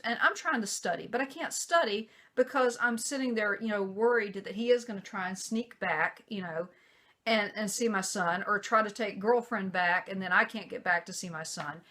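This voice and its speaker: A woman's voice: medium pitch, normal speed. A woman vlogger telling a personal story in a casual way, acting out what other people said. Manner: animated, acts out quoted voices.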